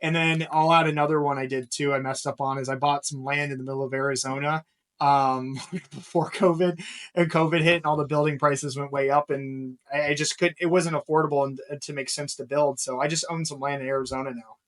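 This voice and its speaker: A man's voice: fairly high pitch, fairly even intonation, fairly quick, a bit bright. Rambling, laughing man podcast guest. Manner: rambling, laughs often, many fillers. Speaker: guest, real estate investor. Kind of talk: casual podcast interview.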